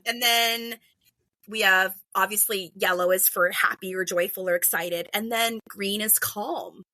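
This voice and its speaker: A woman's voice: mid-range voice, no room sound. A middle-aged woman, a kindergarten teacher, talking casually and animatedly as a podcast guest, with a lot of "like" in her speech. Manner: chatty, animated, heavy use of "like".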